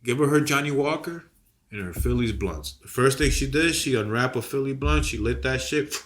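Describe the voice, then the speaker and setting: A man co-hosting a podcast, telling a long story in a rambling, profane, animated way while coming down with a cold. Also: medium pitch, normal speed, slight background noise. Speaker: podcast co-host. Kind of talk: casual storytelling chat.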